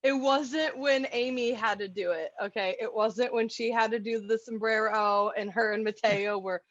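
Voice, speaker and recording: A woman with a high voice co-hosts a podcast, telling stories in loose, profane casual chat. The sound is dry and close, with a slightly dull, lo-fi tone. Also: fairly even intonation, normal speed, a bit bright, no room sound. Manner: profane, laughing recaps. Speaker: podcast co-host.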